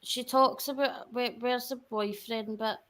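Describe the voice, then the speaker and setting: A woman in a casual live-stream chat, talking while she searches through notes. Her voice is bright, smooth and fairly high. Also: fairly even intonation, a little slow.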